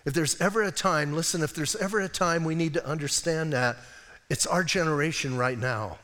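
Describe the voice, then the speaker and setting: A man preaching a sermon as a pastor, telling stories with lively, acted-out quotes. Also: on the high side, fairly quick. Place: church hall. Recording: long hall reverb.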